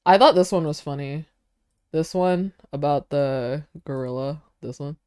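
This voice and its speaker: A woman streamer chatting casually while reacting to clips, excitable and quick to laugh and gush. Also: low voice, clean tone, no room sound, clean studio sound.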